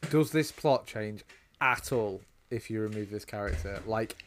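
A man's voice: on the low side, a little slow, noisy background. A man co-hosting a podcast, talking casually about a movie in a dry, sarcastic way, with many ums. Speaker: podcast co-host. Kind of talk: casual movie review chat.

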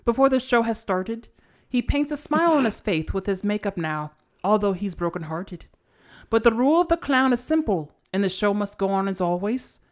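A woman's voice: medium pitch, expressive, moderate pace, darkish tone, close to an everyday voice. A woman putting on an exaggerated, poor Irish accent to recite the lyrics of a sad clown song in a sing-song way. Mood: wistful, mocking. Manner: sing-song storytelling, breaking into laughs. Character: woman telling a sad clown's tale in a put-on Irish lilt.

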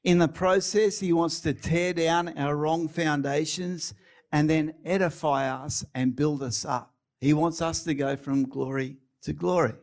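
An Australian man preaching a sermon, chatty and prone to laughing asides while he tells stories dramatically. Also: on the high side.

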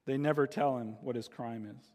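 A man's voice: mid-range voice, steady tone, normal speed, a little mellow, long reverb tail. A male pastor preaching a sermon and telling a story, his voice climbing into dramatic cries when he voices the pleas of the people in it.

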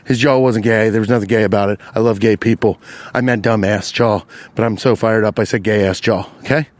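A man's voice: on the low side, a little fast, dry recording. A man hosting a podcast, fired up and telling a comedic story with lots of swearing while acting out the people in it. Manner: animated, profane, acts out the people in his story. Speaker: podcast host.

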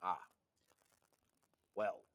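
A laid-back man from California teasing his co-host in casual, profane chat. His voice is bright and clear, recorded dry and close. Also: very slow, dry recording. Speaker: podcast co-host.

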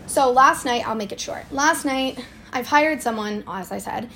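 A young woman, telling a lively story in a casual podcast chat. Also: a little high, gravelly, slight background noise. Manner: animated storytelling, quick swings in loudness. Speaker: swim school owner, guest.

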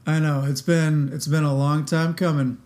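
A man's voice: a little high, flat delivery, moderate pace, darkish tone. A man co-hosting a podcast in casual chat, easygoing and playful. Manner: easygoing, playful, laughs along. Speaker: podcast co-host.

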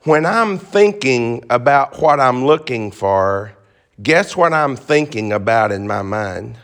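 Man teaching bible class, joking, quizzing the room, mid-pitched voice. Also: animated, slow pace, fairly bright tone.

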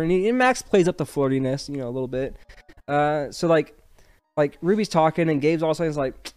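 Casting: young male podcast host, rambling and filler-heavy, slightly higher voice. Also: fast talker, a little mellow, smooth. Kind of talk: casual chat.

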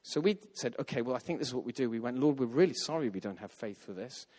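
A man preaches in a storytelling style, mid-pitched and animated. He slips into other people's voices as he tells the story. His voice rings with a long reverb from a large hall. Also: fast talker. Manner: animated, acts out quoted voices. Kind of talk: storytelling sermon.

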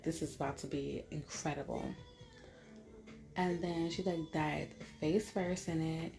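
A woman's voice: lowish voice, gravelly, mellow. A woman telling a candid story to her viewers in a casual, blunt way, with a lot of "like". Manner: candid, blunt, heavy use of filler "like".

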